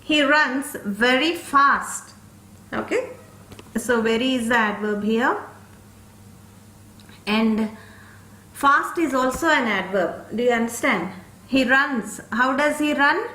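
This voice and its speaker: A woman's voice: fairly high pitch, lively intonation, takes it slowly, long pauses, sharp tone, echoey room. A woman teaching an English grammar lesson, explaining step by step and checking in with "okay?" after each point.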